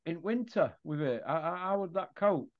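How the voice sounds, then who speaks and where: A man's voice: a little high, expressive, moderate pace. A man hosting casual banter, chatty and teasing. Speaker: host. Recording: dull lo-fi sound.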